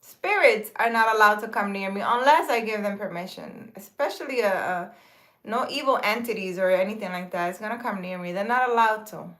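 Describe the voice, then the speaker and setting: A little fast and a bit bright, this mid-range female voice belongs to a spiritual healer talking casually with her viewers. She reads out their comments and responds, rambling and restarting with frequent fillers.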